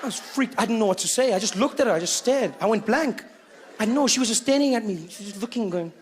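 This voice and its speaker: Young South African male comic, high light voice, lively self-mocking storyteller. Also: quick pace, slight background noise. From Johannesburg, South Africa. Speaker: stand-up comedian. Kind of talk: stand-up comedy routine.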